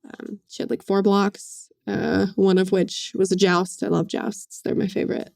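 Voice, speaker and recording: Gravelly-voiced woman sports reporter. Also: medium pitch, flat delivery, a little mellow, no room sound, studio quality. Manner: halting, many "um"s, uneven pace. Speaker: sports reporter, podcast co-host. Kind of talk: casual sports chat.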